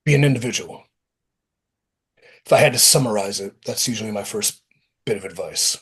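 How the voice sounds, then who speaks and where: A man being interviewed as a pro wrestler guest, talking in a blunt, profane, lively storytelling way. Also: lowish voice, fairly quick, breathy edge. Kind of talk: casual interview talk.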